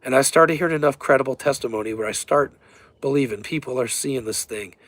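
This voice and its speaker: A man ranting in a rambling, profane, excitable way about cryptids and conspiracies in a casual vlog. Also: mid-range voice, a little fast, no room sound. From Colorado, USA. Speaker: vlogger.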